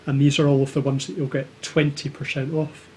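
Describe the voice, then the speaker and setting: A man co-hosting a casual livestream, explaining things hesitantly and filling his pauses with lots of ums. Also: medium pitch, level tone, darkish tone, slight background noise. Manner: hesitant, with many filler ums. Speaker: co-host of a maker livestream.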